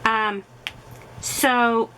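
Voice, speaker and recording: Chatty woman, slightly high voice. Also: flat delivery, very slow, bright, forceful tone, slight background noise, poor audio. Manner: chatty, storytelling with fillers. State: recovering voice. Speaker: crafting vlogger. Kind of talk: casual chat while crafting.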